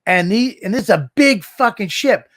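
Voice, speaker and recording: A man co-hosting a podcast, telling a profane, animated story in casual banter on a studio microphone. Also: high voice, a little slow, dry recording. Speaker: podcast co-host.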